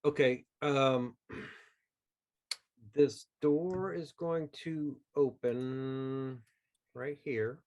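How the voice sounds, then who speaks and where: A man serving as game master, running a tabletop game at an unhurried pace with many pauses and fillers. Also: medium pitch, fairly even intonation, a little mellow.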